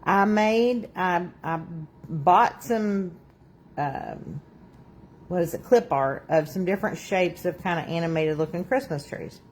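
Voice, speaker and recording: A woman's voice: on the low side, animated, a little slow, slight background noise. Chatty woman hosting a live craft stream. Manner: chatty, laughs often, reads out viewer comments. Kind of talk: casual live-stream chat. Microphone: phone on a tripod.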